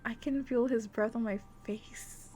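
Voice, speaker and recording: A woman's voice: on the high side, fairly even intonation, unhurried, warm tone, slight background noise. A young woman streamer reading a romance visual novel aloud, breaking in with giggly, gushing asides. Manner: giggly, gushing asides between dramatic narration. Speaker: VTuber streamer.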